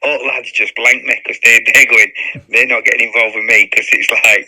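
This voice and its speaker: In a brisk, mid-range voice over poor audio, a fiftysomething ex-footballer recounts a story as an interview guest, chatting in a lively way, swearing freely and performing the quotes himself.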